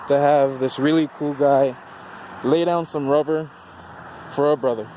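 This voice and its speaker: Excitable guy on a handheld camera outside at night, slightly high voice, drawn-out delivery, faint traffic hum. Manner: giddy, laughs often, swears freely. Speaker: vlogger filming a burnout. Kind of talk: excited casual commentary. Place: outdoors on a road at night.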